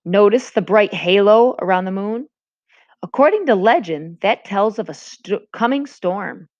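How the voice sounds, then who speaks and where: A woman's voice: medium pitch, lively intonation, a little slow, darkish tone, no echo, lightly acted. A good-natured old sea captain rambles on kindly about the sky and weather, voiced by a woman reading aloud. The recording is dry and muffled. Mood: genial. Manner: rambling, chuckling. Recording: dull lo-fi recording.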